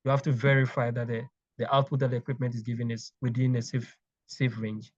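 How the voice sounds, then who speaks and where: Halting man from Ghana, muffled. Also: mid-range voice, level tone, dry recording. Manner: halting, repeats words while thinking. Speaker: clinical engineering manager, guest. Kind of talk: interview conversation.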